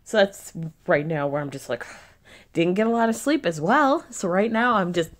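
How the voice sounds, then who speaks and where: A woman's voice: mid-range voice, expressive, moderate pace. A young woman vlogging casually, venting in an irritated way and swearing often. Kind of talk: casual vlog chat.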